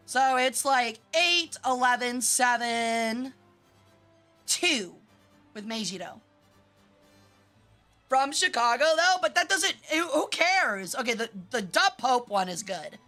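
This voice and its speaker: A bright, fairly high voice from a young woman from Memphis, chatting loosely on a game stream. She is animated, swears freely and breaks into laughs and shrieks. Music plays softly behind her. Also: takes it slowly, pauses often. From Memphis, US South. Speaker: vtuber streamer. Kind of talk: casual live-stream chat while gaming.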